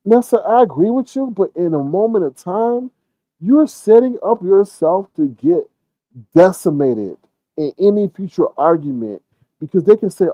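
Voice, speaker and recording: A man's voice: high-pitched, moderate pace, dry recording. Man streamer, casual rambling commentary, swearing freely, voice leaping up and down, dull and dry audio. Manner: rambling, profane, animated. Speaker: livestream commentator.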